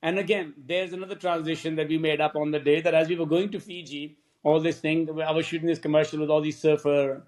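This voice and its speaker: A man in his fifties or sixties, a film director guest on a podcast, telling lively stories, acting out quoted dialogue and laughing often. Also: fairly high pitch, quick pace, hardly any pauses. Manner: animated storyteller who acts out quoted dialogue; laughs often while talking. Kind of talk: podcast interview storytelling.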